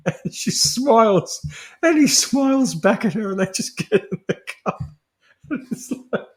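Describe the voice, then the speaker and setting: A high-pitched, very animated man speaks a bit slowly as he hosts his podcast. His casual film recap is a profane, digressive ramble, packed with laughter, fillers, and restarts.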